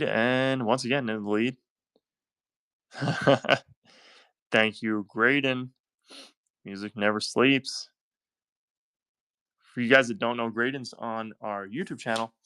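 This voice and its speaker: This Southern US host of a live-stream coin auction has a medium-pitched, bright voice with a forceful edge. He keeps up cheerful, talkative sales patter and calls out buyers by name to thank them, all captured cleanly without echo.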